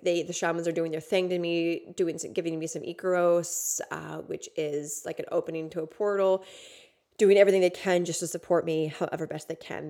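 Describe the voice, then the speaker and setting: A woman's voice: lowish voice, mellow. A woman hosting a podcast, telling a personal story in a candid, casual way with lots of fillers and swearing. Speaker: podcast host.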